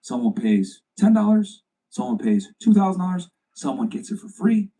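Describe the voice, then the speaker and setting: High voiced guy telling a what-if story, swinging all over the place, cussing a lot. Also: normal speed, creaky, a little hiss or hum, poor audio. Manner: animated, profane, builds up a scenario. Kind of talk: storytelling a hypothetical.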